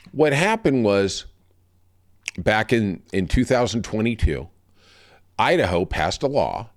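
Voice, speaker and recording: A man hosting a podcast, delivering a heated, profane political rant. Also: on the low side. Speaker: podcast host. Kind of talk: political commentary monologue.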